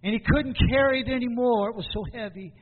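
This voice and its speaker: High-voiced preacher man in a hall. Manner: preaching with dramatic pauses and repeated questions. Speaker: pastor. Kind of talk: sermon. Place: church. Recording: tinny phone-like sound in a hall.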